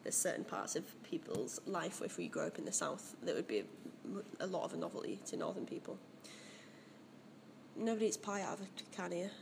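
A young woman answers interview questions in an easy, opinionated way and laughs often. Her voice is slightly low with a gravelly texture. Her pitch moves a lot. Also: big pitch swings, normal speed, background noise. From Leeds area, Northern England. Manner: chatty and opinionated, with frequent laughs. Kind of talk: casual interview chat.

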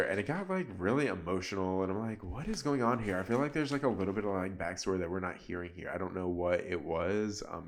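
Man, 30s, low voice, loose gossipy recap delivery, lots of filler words. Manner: chatty, peppered with "like" and "um", animated asides. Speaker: podcast host recapping a reality show. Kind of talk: casual solo recap.

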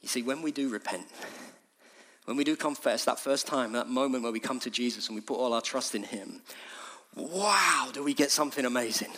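A man preaching a sermon with passion, dropping to hushed tones and then rising to urgent shouts. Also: mid-range voice, brisk. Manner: impassioned, swings from hushed to shouting.

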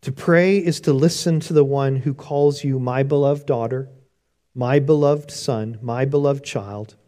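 A man's voice: mid-range voice, fairly even intonation, a little slow, warm tone. A man preaching a sermon on prayer in an earnest, conversational way, often restarting his sentences. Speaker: pastor.

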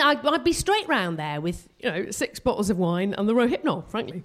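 A woman doing a live stand-up set on a theatre stage, self-mocking and excitable, tripping over her own restarts. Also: medium pitch, normal speed, few pauses. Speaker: stand-up comedian.

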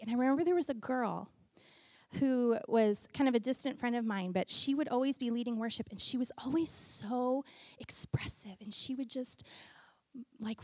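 A woman delivers a sermon as a personal story, acting out the voices and thoughts of the people in it. Her voice sits a little high. The sound is dry and close, with no room echo. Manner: expressive storytelling, acts out voices.

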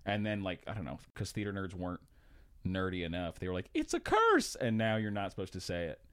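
A young man with a lowish voice muses out loud in loose podcast chat. His thoughts ramble and are padded with "like" and casual swearing. He speaks in the easy manner of a stand-up comic among friends. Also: fairly even intonation, fast talker, clean tone. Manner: rambling, heavy use of "like", profane. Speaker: stand-up comedian, podcast co-host.

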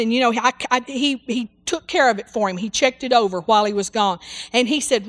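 A woman's voice: on the high side, a little fast, fairly bright tone. A woman preaching a sermon in a fervent, rambling way, full of hallelujahs and amens. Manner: rambling, with restarts and asides.

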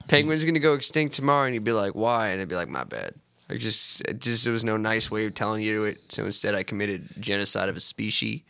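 A man's voice: lowish voice, quick pace, vocal fry, hardly any pauses, bright, forceful tone, clear, resonant tone, dry recording, studio quality. A man co-hosting a casual podcast, worn out and rambling loosely with self-mocking jokes. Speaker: podcast co-host. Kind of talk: casual banter.

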